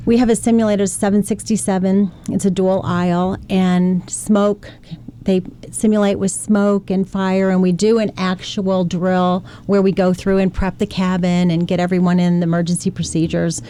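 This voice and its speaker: A woman's voice: medium pitch, level tone, normal speed, mellow, a little hiss or hum. A middle-aged woman from Ohio, earnestly recounting a past experience as a guest on a radio interview. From Ohio, United States. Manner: earnest, emotional storytelling with acted quotes. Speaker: interview guest, flight attendant.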